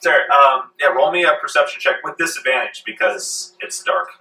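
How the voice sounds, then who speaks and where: A man narrating a tabletop game as game master, lively and laughing often, recorded in a library meeting room. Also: medium pitch, normal speed. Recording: echoey room, mic far off, faint hiss.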